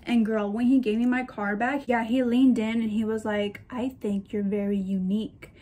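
Young woman, casual vlogger, slightly high voice, gushing and chatty. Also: flat delivery, moderate pace, mellow. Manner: gushing, chatty, talks to her purses. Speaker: shopping vlogger. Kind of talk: casual chat to camera.

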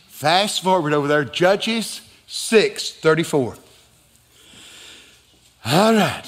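A man preaching a guest sermon in a church, dramatic and emphatic, building to loud peaks. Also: a little high. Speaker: guest pastor. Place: church sanctuary. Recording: church hall with long reverb.

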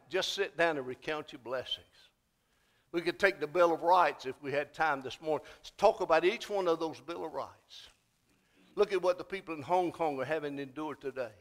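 A man delivers a church sermon. He has a high voice and swings from folksy storytelling to emphatic, repeated exhortations. He sounds like a pastor speaking from the pulpit in a sanctuary. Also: fairly bright tone.

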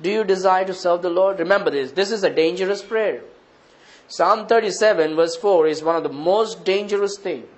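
A man's voice: high-pitched, normal speed, rough recording. A man with an Indian English accent, preaching a sermon as pastor, asking the congregation rhetorical questions and repeating phrases.

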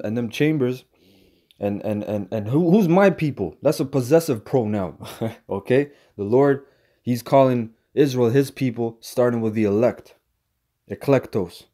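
A man ranting like an online preacher, his voice dark and mellow in tone. He stammers and restarts constantly, swears freely, and caps nearly every phrase with "man." He keeps up the angry monologue without a break. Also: mid-range voice.

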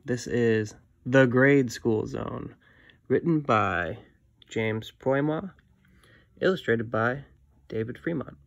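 Male teacher reading a comic to kids, gravelly voice, dry close sound, friendly read-aloud. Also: medium pitch, slow pace, no echo, lo-fi sound.

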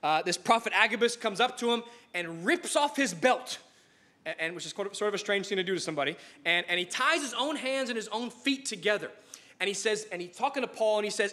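High-voiced man preaching a casual sermon. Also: fairly quick. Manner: casual, animated storytelling with many restarts. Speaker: pastor. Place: church.

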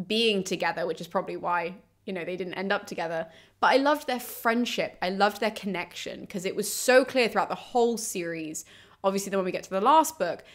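A woman's voice: medium pitch, fairly bright tone. A young woman, chatting casually and enthusiastically about a book series, full of asides and strong opinions. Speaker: book reviewer. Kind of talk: casual chat.

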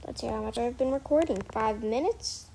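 A woman's voice: on the high side, a little fast, creaky, dark tone, a little hiss or hum, poor audio. A female gamer chatting casually over her gameplay, rambling, correcting herself mid-sentence and slipping into mock outrage. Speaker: gameplay streamer.

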